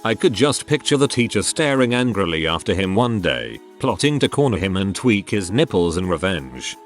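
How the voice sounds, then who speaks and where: A man reads online stories aloud in a low voice with a lively, swinging delivery. He adds wry, joking asides between the tales, and soft music plays faintly underneath. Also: moderate pace. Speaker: story narrator.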